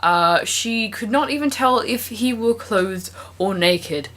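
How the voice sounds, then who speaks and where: A woman's voice: on the high side, slow pace, a bit bright. A woman guest co-hosting a podcast, chatting casually and reading aloud, giggly and prone to rambling tangents. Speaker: guest co-host.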